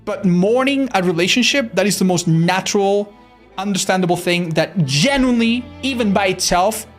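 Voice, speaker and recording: A man chatting casually on a livestream, reading chat, swearing freely and laughing often; English is not his first language. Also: high-pitched. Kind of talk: casual live-stream chat.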